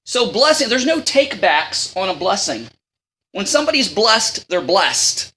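A woman's voice: mid-range voice, very animated, a little slow, a bit bright. A woman teaching a Bible study in a casual, chatty way, reading scripture and acting out the lines.

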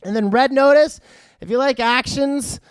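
A man from Vancouver, Canada rambles loosely through movie reviews, dropping many uhs and casual swear words. His fairly high voice sounds clean and smooth at normal speed, and the recording is dry and close-miked.

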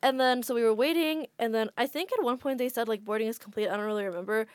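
A woman's voice: on the high side, fast, clean tone, dry recording. Chatty woman telling a travel story. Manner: chatty, frequent "like" fillers. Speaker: podcast guest. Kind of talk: casual storytelling.

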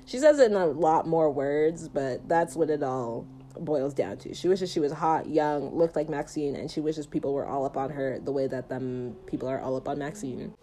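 Chatty woman recapping a film, low and mellow. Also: moderate pace, slight background noise. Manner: chatty, animated, jokey asides. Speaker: film reviewer.

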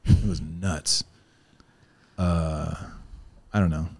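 A man's voice: low voice, steady tone, very slow, darkish tone. A man in casual chat, rambling and profane, laughing often and telling stories about life in China. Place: lives in China.

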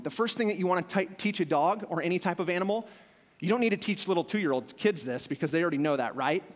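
A young man preaching a sermon, telling stories with lively acted-out shouts. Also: fairly high pitch. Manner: animated storytelling, acting out scenes with sudden loud shouts. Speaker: pastor. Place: church hall with a dog on stage. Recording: long hall reverb.

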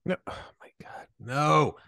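A man's voice: lowish voice, lively intonation, a little fast, no room sound, clean studio sound. Swearing, laughing male podcast host. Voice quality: swears freely, laughs often, teasing. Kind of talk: casual chat.

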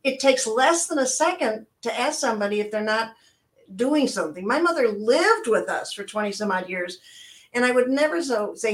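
A woman's voice: a little high, animated, normal speed. Chatty older woman telling stories. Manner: chatty, acts out quoted voices. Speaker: guest, customer service trainer. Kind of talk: casual chat, storytelling.

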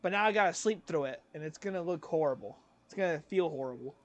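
A man's voice: on the high side, animated, fast talker. A young man co-hosting a podcast, telling a rambling story with casual swearing. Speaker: podcast co-host. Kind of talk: casual chat.

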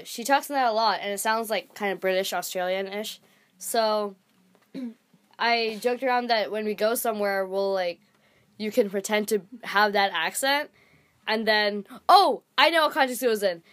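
A teenage girl co-hosting a casual podcast, rambling with lots of fillers and giggles. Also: mid-range voice. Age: teens. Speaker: podcast co-host. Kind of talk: casual chat.

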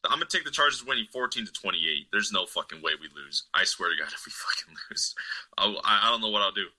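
A man co-hosting a casual sports chat, swearing freely as he rambles through his picks with excitable energy. His voice sits a little low but comes across with a sharp, forceful edge. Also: fast talker, poor audio. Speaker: podcast co-host.

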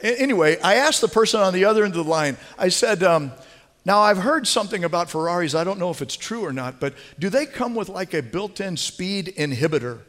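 A man preaching a sermon as pastor, animated, swinging from hushed asides to near-shouting. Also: sits high, brisk. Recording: long hall reverb.

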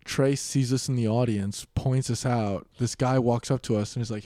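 A young man in his twenties telling wild party stories in casual chat, swearing a lot and acting out quotes loudly. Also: medium pitch, fairly even intonation, normal speed, few pauses, no echo.

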